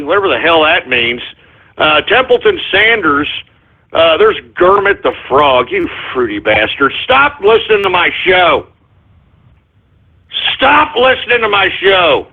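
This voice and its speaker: Male radio host, loud and mocking, given to profane outbursts, with a husky voice on a tinny phone-quality line. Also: high-pitched. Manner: brash, profane and mocking, with sudden shouts. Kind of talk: live internet radio rant.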